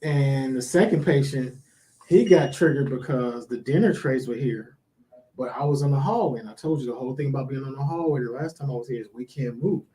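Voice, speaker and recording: A man's voice: mid-range voice, brisk, mellow, low-quality recording. A man telling a work story in casual chat, acting out the people he quotes. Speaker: guest.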